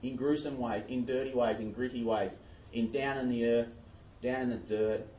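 A man's voice: mid-range voice, fairly even intonation, moderate pace, warm tone, slight background noise. A man preaching a sermon, reading scripture aloud and breaking off into chatty asides. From Australia. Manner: conversational, self-interrupting preaching with Bible reading. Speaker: pastor. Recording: echoey, distant, dull church audio.

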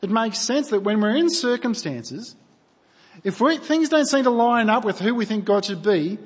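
A man's voice: sits high, animated, moderate pace, husky. A man preaching a sermon in an earnest, conversational way, asking his listeners rhetorical questions. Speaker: pastor. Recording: long hall reverb.

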